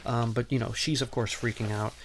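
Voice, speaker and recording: A man's voice: mid-range voice, fairly even intonation, brisk, a little hiss or hum. A man hosting a podcast, recapping a film in a casual, rambling way with lots of ums and wry asides. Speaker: podcast host.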